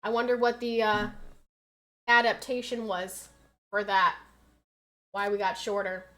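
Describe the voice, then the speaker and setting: A woman's voice: medium pitch, fairly even intonation, measured pace. An American young woman streaming a game, chatting casually, reading chat aloud and turning frantic when the action heats up. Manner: chatty, reads chat aloud, gets loud and frantic in fights. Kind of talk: casual live-stream chat while gaming.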